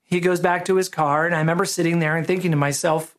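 Relaxed storytelling male pastor. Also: a little high, fast. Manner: relaxed storytelling, self-deprecating humor. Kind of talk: conversational sermon with a personal story.

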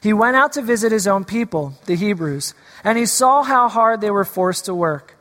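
A man's voice: high voice, lively intonation, normal speed, a bit bright. A man preaching a sermon as a pastor, playful and teasing at first, then earnest. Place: church sanctuary. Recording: long hall reverb.

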